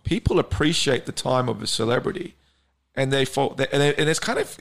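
A man's voice: medium pitch, animated, a little fast, creaky. A man talking as a podcast guest in easygoing, chatty conversation, with a self-mocking way of speaking. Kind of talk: casual chat.

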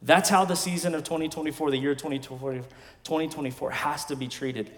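A man in his thirties, a pastor, preaching a sermon in emphatic bursts with quiet asides between. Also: a little high, fairly even intonation, quick pace. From West Texas. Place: large church sanctuary. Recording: long hall reverb from a church sanctuary.

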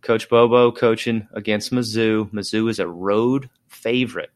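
A man hosts a casual sports podcast in a low-pitched voice. He talks loosely, with frequent ums and restarts, and laughs easily. The sound is dry and close. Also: fairly even intonation, measured pace, no room sound. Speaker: podcast host.

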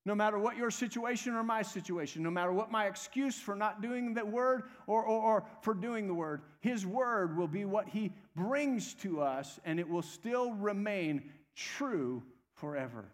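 A man's voice: high-pitched, normal speed, few pauses. A man preaching a sermon as pastor, urging the congregation to repeat phrases after him. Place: church sanctuary. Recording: long reverb of a church hall.

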